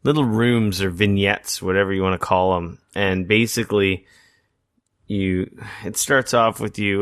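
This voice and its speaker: Male podcast host with a lowish, dry voice who chats loosely and swears a lot. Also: steady tone, moderate pace, fairly bright tone, no room sound. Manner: rambling, swears freely. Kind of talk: casual chat.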